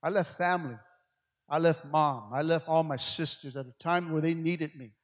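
A high-pitched male pastor delivering a sermon in a hall with a long echo. He presses the congregation with rising, near-shouted questions, then drops to soft, intimate stretches. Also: moderate pace. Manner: preaching with rising, shouted appeals and quiet stretches.

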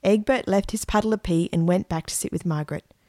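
A woman reading a children's story aloud in a gentle, unhurried way. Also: lowish voice, no echo, studio quality.

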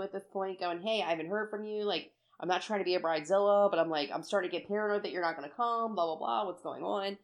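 A woman in casual chat, telling a story with lots of feeling, acting out what she said and cursing freely. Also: mid-range voice. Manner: animated storytelling, acts out her own quotes, swears freely.

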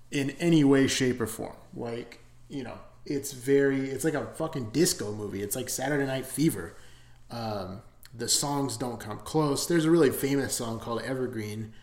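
Male movie reviewer, mid-pitched, loose and profane, roomy echo. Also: a little fast. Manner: rambling, profane, enthusiastic. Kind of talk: casual movie review rant.

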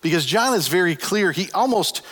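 A middle-aged male pastor giving a sermon and praying over his congregation, earnest, rising to emphatic points and then dropping to hushed, soft phrases. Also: high-pitched, animated, normal speed, big-room sound. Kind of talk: sermon with prayer.

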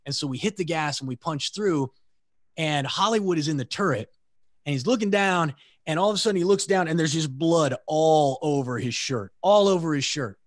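Animated man telling war stories. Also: moderate pace, no echo, clean studio sound. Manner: animated storyteller, swears freely, voices comrades in a high excited pitch. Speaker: podcast guest, military veteran. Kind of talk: casual storytelling.

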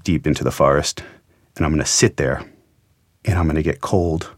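A man's voice: very deep voice, a little mellow, no echo, studio quality. A man, a journalist, earnestly retelling an emotional story in a reflective interview.

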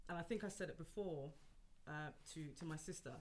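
A woman's voice: low-pitched, a little fast, a little mellow, a little hiss or hum. A woman from a Ghanaian family who works as a dance practitioner, telling her personal story openly in a group conversation. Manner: open and frank, breaks into light laughter. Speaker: holistic dance practitioner, guest. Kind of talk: candid personal storytelling in a panel chat.

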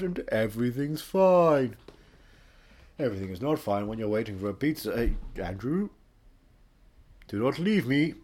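A man's voice: mid-range voice, slightly rough. A man voicing a pompous, self-important male actor who talks in a grand, theatrical way and laughs at himself.

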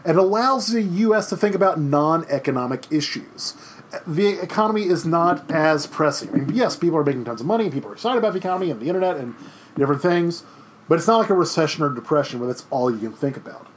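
A man in his thirties lecturing his class from home, chatty and meandering, full of restarts and fillers. His voice sits a little high for a man. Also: expressive, quick pace, a little hiss or hum. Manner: rambling, conversational, many fillers and restarts. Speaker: teacher. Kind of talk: recorded history lecture. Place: home during quarantine.

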